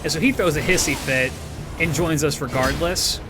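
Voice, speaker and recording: A man's voice: fairly high pitch, moderate pace, over music. Profane rambling male streamer. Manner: rambling, profane, with frequent restarts. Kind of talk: casual storytelling while gaming.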